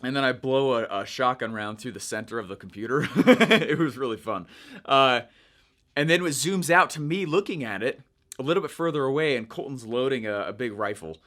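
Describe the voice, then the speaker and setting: A young man coaching viewers in a chatty, energetic way, checking in with "right?" as he explains. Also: medium pitch, fairly quick. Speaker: online marketing coach. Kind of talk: casual teaching monologue.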